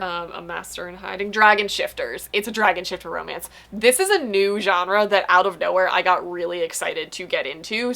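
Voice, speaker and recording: A woman's voice: medium pitch, a bit bright. A young woman chatting casually as she unboxes book mail, gushing and exclaiming often. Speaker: booktube vlogger.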